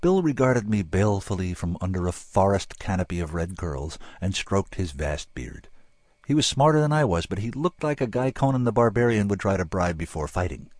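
Husky, wry male audiobook narrator. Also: low voice, big pitch swings, normal speed, a little mellow, dry recording. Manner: dry, wry storytelling.

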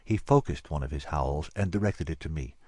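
A man narrating a science fiction story in a measured, wry way. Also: extremely low pitch, a little mellow, no echo. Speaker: audiobook narrator. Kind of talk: scripted narration.

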